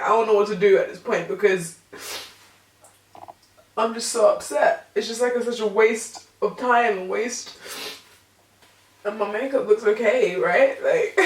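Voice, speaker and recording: Young woman vlogging slowly in an echoey room. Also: medium pitch. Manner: slangy, chatty, talks straight to viewers. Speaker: beauty vlogger. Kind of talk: casual get-ready-with-me vlog. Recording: echoey room, mic at a distance.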